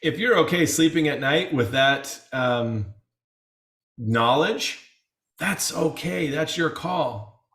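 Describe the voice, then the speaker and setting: A man's voice: fairly high pitch, animated, takes it slowly, a bit bright. Earnest male practice coach, chatty and repetitive, recorded in a reverberant room. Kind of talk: casual webinar talk. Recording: roomy echo.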